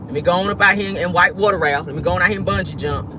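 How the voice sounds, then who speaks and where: A man putting on the voice of a reckless man rushing through fun before prison, fast, carefree and profane. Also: high voice, background noise, voice pushed down, close to an everyday voice.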